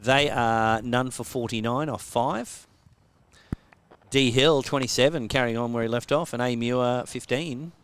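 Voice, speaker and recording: Man, Australian accent, cricket commentator, joking, laughing, middle pitch, faint background hiss. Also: unhurried, a bit bright. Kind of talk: casual live commentary.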